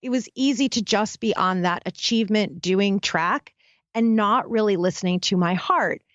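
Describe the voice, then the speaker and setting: A woman's voice: medium pitch, normal speed, fairly bright tone, no room sound, highs cut off. A woman guest telling a dramatic personal story in an interview, speaking intensely and straight to the listeners. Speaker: guest, happiness expert. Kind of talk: candid storytelling interview talk.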